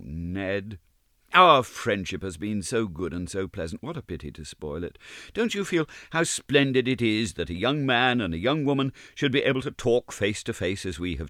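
A man's voice: medium pitch, fairly bright tone, no room sound, clean studio sound, voice pushed up. A male audiobook reader voicing a proud, poised young woman who speaks in a cool, reproving, lightly playful way. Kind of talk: audiobook character reading.

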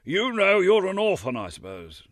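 A man voicing a pompous, fat, red-faced old gentleman presiding over a board in a storybook reading, speaking in a booming, condescending way. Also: huge pitch swings, normal speed, no echo, studio quality, full character voice.

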